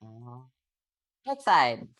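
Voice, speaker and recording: Man, tabletop player, slow, halting, mid pitch. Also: huge pitch swings, a bit bright. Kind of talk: casual tabletop game chat.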